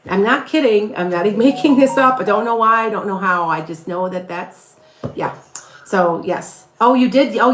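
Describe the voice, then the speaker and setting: A woman's voice: mid-range voice, a bit bright, reverberant. A middle-aged woman from near Chicago with a slight Wisconsin accent, a psychic chatting casually and rambling through live readings for viewers. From northern Illinois, near Chicago. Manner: chatty, rambling, with frequent restarts and laughs. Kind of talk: casual live-stream chat answering viewer questions.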